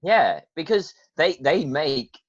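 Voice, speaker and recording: A man's voice: fairly high pitch, sing-song, slow pace, no room sound. A laid-back male podcast co-host, agreeable and rambling, with plenty of "like". The mic sounds a little muffled and lo-fi. It is dry, with no room sound. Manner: easygoing, agreeable, lots of "like". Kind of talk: casual chat reviewing a cartoon.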